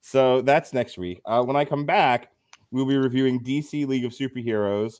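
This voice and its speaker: A man's voice: mid-range voice, moderate pace, darkish tone, no room sound, studio quality. A man hosting a casual movie review podcast, reading critics' quotes aloud with a wry, laughing manner. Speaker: podcast host.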